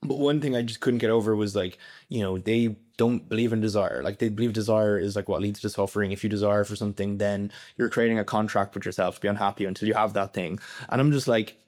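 Irish guy in his 20s, quick rambly talk full of "like"s, kinda low voice. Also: fairly even intonation, a little mellow. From Ireland. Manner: rambling, heavy filler words. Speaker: guest. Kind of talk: casual conversation.

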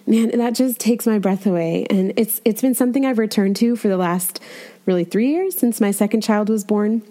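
A woman's voice: mid-range voice, normal speed, warm tone. A woman in her thirties candidly sharing a personal faith story, reflective and laughing lightly at herself. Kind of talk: personal devotional testimony.

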